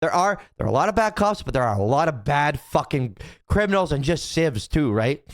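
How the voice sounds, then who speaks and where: Young man, streamer, casual profane rant, stumbles and repeats himself, a bit high-pitched, dry mic. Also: very animated, fairly quick, no echo. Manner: rambling, profane, many restarts and repeated "right?". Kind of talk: casual opinion chat to stream chat.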